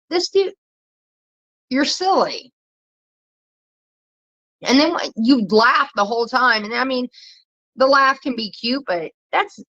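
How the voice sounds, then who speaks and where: A woman ranting casually on her own channel, blunt and profane, rambling and jumping in pitch when she gets worked up. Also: fairly bright tone, lo-fi sound. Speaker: commentary vlogger.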